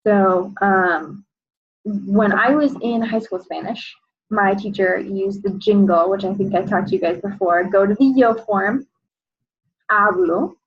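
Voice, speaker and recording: A young adult woman, a Spanish teacher, walking students through an exam review and filling pauses with frequent "um"s. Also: medium pitch, breathy edge, lo-fi sound. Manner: explanatory, many "um" fillers.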